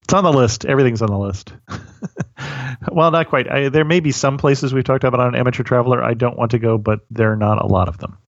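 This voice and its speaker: A man's voice: medium pitch, fast, no echo. A man being interviewed as a podcast guest, talking in a modest, self-deprecating way with a dull, lo-fi sound. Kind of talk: casual interview conversation.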